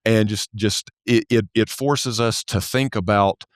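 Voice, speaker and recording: A man's voice: lowish voice, fairly even intonation, a little slow, clean tone, dry recording, clean studio sound. A man with a Southern American accent, a guest on a podcast, talking earnestly and often repeating words as he starts a thought. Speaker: podcast guest, church accounting specialist. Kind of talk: casual interview conversation.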